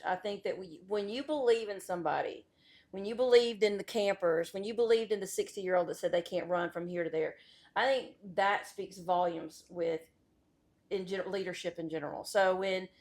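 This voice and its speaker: Candid middle-aged woman educator. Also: medium pitch. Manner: candid, emphatic opinions. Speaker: school vice principal, guest. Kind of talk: casual interview chat.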